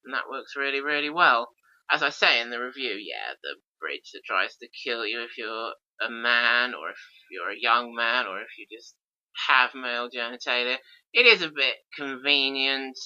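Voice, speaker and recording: A man's voice: medium pitch, moderate pace, sharp tone. A man giving a casual audio commentary on an episode, enthusiastic with wry asides. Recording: dull lo-fi recording.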